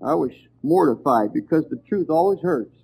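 A middle-aged man delivers a sermon in an emphatic, storytelling manner. His voice sits fairly high for a man, and he leans hard into each point with fervent conviction. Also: animated, normal speed, creaky, dark tone, husky, low-quality recording. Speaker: preacher.

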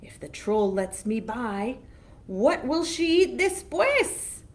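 Lady doing a big kind goat, high and gentle, worried and caring, storybook. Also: sing-song, slow pace.

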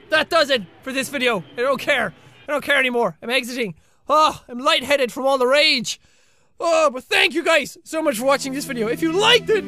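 A young man giving loud, excitable gameplay commentary with frequent shouting outbursts. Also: very high voice, brisk. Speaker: gaming video host. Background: game music.

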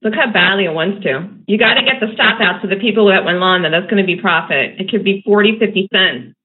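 A woman hosting a live day trading stream, talking excitedly to herself and her viewers with frequent laughter. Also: mid-range voice, fast. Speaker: day trading show host. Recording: tinny phone-like audio with faint noise.

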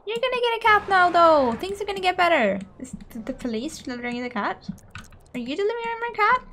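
Brief: young woman, let's play host, high and very animated, faint game music underneath. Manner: excitable, gasping and squealing at the game. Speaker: gaming YouTuber.

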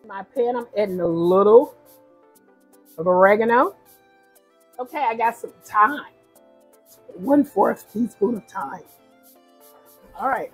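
A woman's voice: medium pitch, animated, a little slow, pauses often, soft background music, low-quality recording. A woman cooking at the stove in a home kitchen, chatting casually and narrating each step for her viewers. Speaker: home cook.

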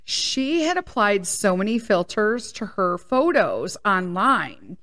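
A woman's voice: medium pitch, very animated, takes it slowly, fairly bright tone. A woman in her fifties hosting her own podcast, talking casually and candidly and swearing freely, recorded at a microphone in a small home studio. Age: 50s. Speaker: podcast host. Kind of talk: casual solo podcast chat.

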